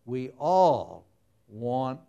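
A man's voice: mid-range voice, very animated, drawn-out words, creaky, mellow, dull audio. A man preaching a sermon in a folksy, humorous way, full of everyday stories. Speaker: pastor.

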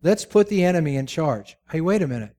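A man's voice: fairly high pitch, expressive, a little fast, mellow. A man preaching a sermon, telling the story with jokes and rhetorical questions. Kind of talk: sermon with humorous asides.

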